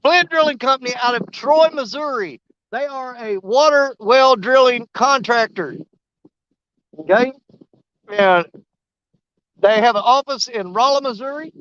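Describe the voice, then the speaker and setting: A man's voice: very high-pitched, measured pace, long pauses, fairly bright tone, lo-fi sound. A man, rambling and joking in a casual fishing vlog outdoors on a riverbank, laughing often. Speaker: outdoor vlogger.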